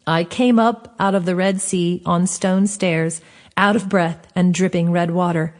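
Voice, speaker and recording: A woman narrating her own fantasy book as an audiobook, in a steady, clear reading voice with a gentle lilt. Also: on the low side, a little slow.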